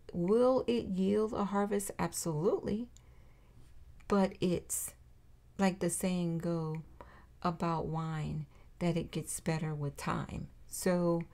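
A woman reading tarot cards for her viewers, her voice mellow and fairly low. She takes her time, speaking slowly and repeating encouragement straight to the listener. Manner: encouraging, repeats reassurances, addresses viewer directly. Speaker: tarot reader.

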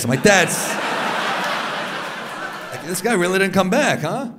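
A man in his thirties doing stand-up crowd work on a club stage, teasing audience members with quick, profane banter. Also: high voice, expressive, background noise. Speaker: stand-up comedian. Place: large comedy club stage before a live audience. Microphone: handheld stage mic. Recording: live club recording with crowd laughter.

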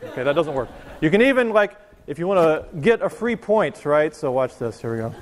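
A man teaching a university physics lecture, animated and joking as he talks to his class. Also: on the high side, a little fast, noisy background. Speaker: physics professor. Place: lecture hall. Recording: reverberant lecture hall.

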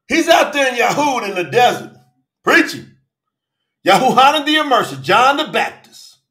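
A man preaching in a livestream sermon, fervently calling out viewers by name and swinging between shouts and low murmurs. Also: very animated, moderate pace, roomy sound. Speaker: preacher hosting a live Bible study.

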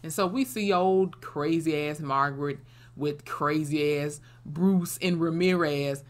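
A woman's voice: deep voice, takes it slowly. A woman casually recapping a TV episode, blunt and salty, with many "you know" fillers. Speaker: TV episode reviewer.

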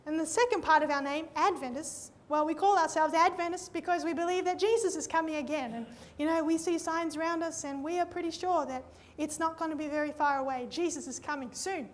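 A woman's voice: high voice, a little fast. A woman preaching a sermon, telling a story and speaking directly to her listeners as friends. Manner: lively storyteller who acts out both sides of conversations; addresses the audience directly with "friends" and "Amen?".

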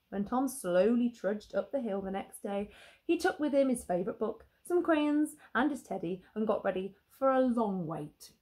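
Pausing to pose questions to the listener, a female teacher reads a children's picture book with plenty of expression. Her voice is mid-range and her pace moderate.

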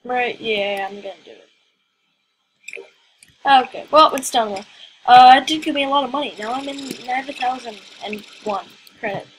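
A woman's voice: high-pitched, brisk, a little hiss or hum, poor audio. A woman giving casual let's-play commentary, rambling and questioning herself aloud as she plays. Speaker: gaming video creator.

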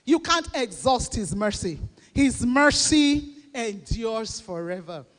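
A woman pastor preaching a sermon, leading the congregation in call-and-response and often rising to shouts. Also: on the high side, sing-song, slow pace. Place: church. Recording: long reverb of a large church hall.

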